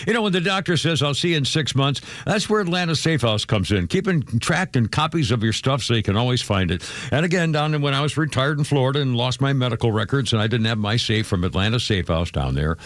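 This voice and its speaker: A man's voice: medium pitch, animated, fast talker, few pauses, a bit bright, no echo. An older man hosting a talk radio show, rambling loosely through a live-read ad and studio chat full of fillers and asides.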